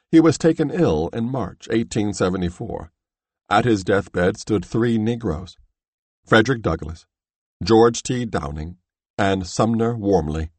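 A man narrating a history audiobook in a measured, steady reading voice. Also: low-pitched, breathy edge, no room sound.

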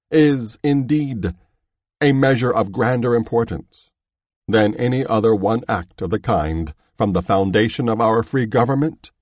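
A man narrating a history audiobook in a measured, steady reading voice. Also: lowish voice, breathy edge, dry recording.

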